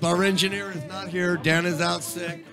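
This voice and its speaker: A man's voice: sits high, little pitch movement, moderate pace, gravelly, fairly bright tone, faint music behind. A man hosting a casual radio show, upbeat and announcing. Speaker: radio host.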